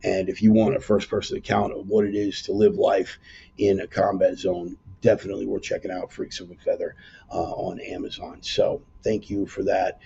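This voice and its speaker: Gravelly-voiced man, low and husky. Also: little pitch movement, moderate pace, mellow, lo-fi sound, a little hiss or hum. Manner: rambling, self-correcting, brash asides. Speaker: podcast host. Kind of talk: casual livestream commentary. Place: dining room in a private home. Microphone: laptop.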